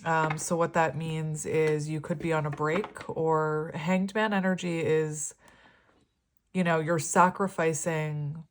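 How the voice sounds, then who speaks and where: A woman giving a casual, rambling tarot reading, chatting warmly and laughing often. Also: low-pitched, little pitch movement, slow, slight background noise. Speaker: tarot reader.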